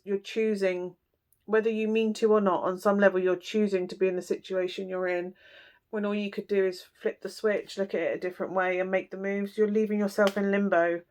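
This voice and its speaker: This tarot reader, a woman whose voice sits at a medium pitch, talks straight to her audience during a laid-back reading. She's frank and talkative, with plenty of filler words and tangents.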